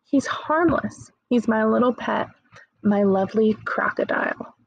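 A woman's voice: fairly high pitch, a little slow, creaky, breathy edge, no room sound, highs cut off, exaggerated voice. A woman reading the lines of a cheerful, doting lady who owns a pet crocodile. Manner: airy, doting.

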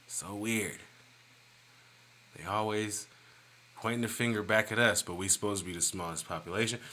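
A man hosting a casual solo podcast, ranting in an animated, profane, joking way. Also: lowish voice. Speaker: podcast host.

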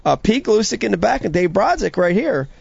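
A man hosting a studio talk show, upbeat and quick to laugh. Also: high voice, very animated, creaky, a little mellow, husky, dry recording, highs cut off. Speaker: host.

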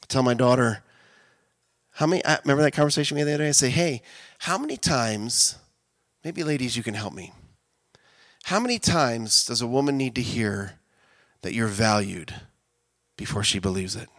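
A man preaching a conversational sermon, casual and talkative, breaking into loud impassioned shouts. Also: medium pitch, lively intonation, moderate pace, pauses often, no room sound. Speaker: speaker at a women's event.

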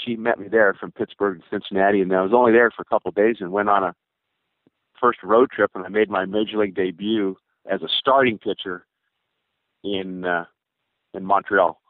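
A man in his sixties, a former baseball pitcher, telling long rambling stories in an interview and acting out old conversations. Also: no echo. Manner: rambling, with many fillers and acted quotes. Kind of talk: storytelling interview answers. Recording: tinny phone-line sound.

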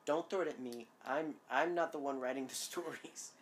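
Very low-voiced woman podcast co-host. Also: normal speed, a little hiss or hum. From Georgia, USA. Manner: laughs often, animated and chatty. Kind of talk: casual podcast chat.

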